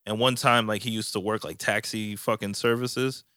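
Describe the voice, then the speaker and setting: A man's voice: lowish voice, fairly even intonation, normal speed, sharp tone, no echo, studio quality. A man co-hosting a podcast, joking around and swearing often. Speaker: podcast co-host. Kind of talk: casual podcast chat.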